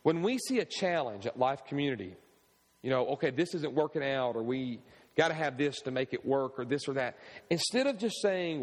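A man's voice: medium pitch, moderate pace. A man preaching a sermon as pastor of his church, with rising and falling delivery and questions tossed to the congregation. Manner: animated preaching with call-and-response questions. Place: church sanctuary. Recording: long hall reverb.

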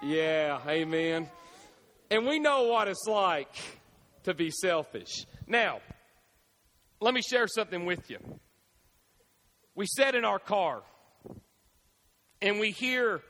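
Man, pastor's sermon, very high voice, bright and forceful, call-and-response, echoey church hall. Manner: animated, call-and-response preaching. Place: church sanctuary.

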